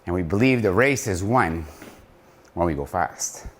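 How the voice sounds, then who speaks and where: Male founder vlogging a motivational talk: slow-paced, expressive pitch, out of breath at times. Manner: coaching slow push-ups, counting aloud, laughing often; reflective, drops low and soft to make points. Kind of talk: casual motivational vlog talk.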